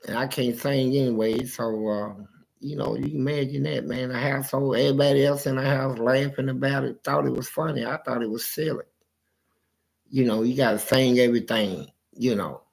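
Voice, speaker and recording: A man chats casually, telling animated stories from his life and acting out the voices of his family members. His voice is medium in pitch, fairly quick, and has vocal fry.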